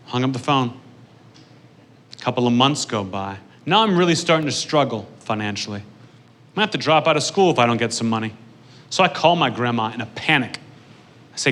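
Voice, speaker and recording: A young adult man tells a long stand-up story in a deadpan, dry way. His voice is bright and sits at an ordinary pitch. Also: fairly quick, long pauses. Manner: deadpan, dry delivery building to punchlines. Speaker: stand-up comedian.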